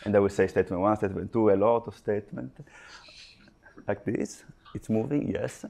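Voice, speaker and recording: A man giving a live lecture, explaining step by step with frequent restarts and pauses. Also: fairly low pitch, fairly even intonation, vocal fry, dark tone. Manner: halting, restarts mid-phrase, explains step by step.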